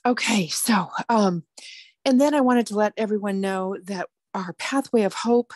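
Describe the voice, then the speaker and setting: A woman nonprofit outreach worker, out of breath, giving a friendly, brisk update in an online video meeting. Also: mid-range voice, a little mellow, dry recording. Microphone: video call.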